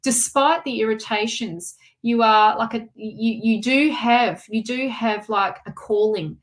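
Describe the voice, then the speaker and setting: Reassuring tarot reader woman, higher voice. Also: measured pace. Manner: reassuring, repeats phrases, frequent restarts. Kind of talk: live-streamed tarot readings for viewers.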